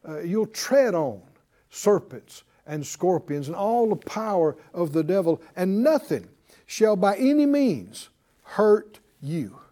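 A man preaches to a Bible class, calling out questions to the room and sometimes acting out panicked voices. His voice sits high and swings widely in pitch. The tone stays dark and mellow. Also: takes it slowly. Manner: animated, addresses the class, acts out panicked voices. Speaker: Bible teacher. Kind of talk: sermon.

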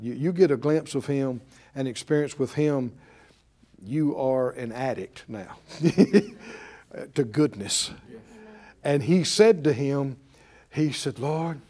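A man's voice: mid-range voice, expressive, slow pace, warm tone. A man preaching a sermon as a Bible teacher, emphatic and folksy, repeating key words and chuckling often.

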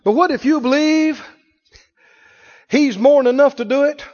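A pastor with a very high voice preaches to his congregation and keeps firing questions at them. His voice rings through a large hall with a long tail of reverb. The recording is dull and lo-fi. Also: a little mellow. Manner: asks the congregation rapid questions. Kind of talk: sermon.

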